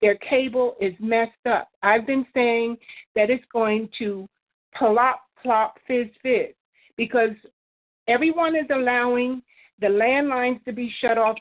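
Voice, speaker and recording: A woman's voice: a little high, fairly even intonation, unhurried. A woman calling in to a talk line, rambling and preachy, quoting scripture. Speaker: caller. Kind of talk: phone-in call. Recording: phone line.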